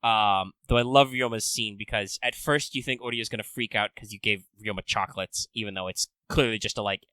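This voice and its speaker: A man co-hosting a casual gaming podcast, animated and swearing freely, acting out character lines. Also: on the low side, a little fast, hardly any pauses, clean tone, no room sound. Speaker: podcast co-host.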